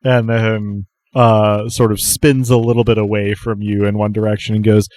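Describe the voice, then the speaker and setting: A man narrating a tabletop game as game master, relaxed and amused. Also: lowish voice, moderate pace, dry recording.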